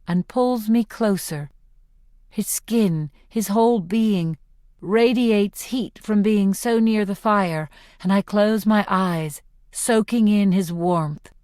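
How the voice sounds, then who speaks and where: A woman narrating a novel in the first person as an audiobook, reading slowly, clearly and with measured phrasing. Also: medium pitch, a little mellow, no echo, clean studio sound.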